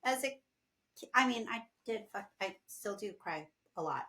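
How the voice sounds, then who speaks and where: A woman co-hosting a podcast in casual chat, open and quick to laugh. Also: medium pitch, lively intonation, sharp tone. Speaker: podcast co-host.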